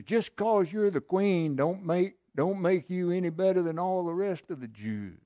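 Lively, emphatic male preacher. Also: high voice, measured pace, hardly any pauses, no echo, clean studio sound. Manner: emphatic, conversational, asks listeners "okay?". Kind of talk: sermon with Bible reading.

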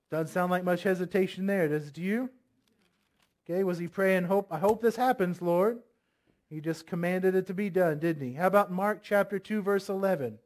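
High-voiced male preacher quizzing his flock. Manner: asks the congregation many questions; reads scripture aloud, voicing commands forcefully. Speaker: pastor. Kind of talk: sermon.

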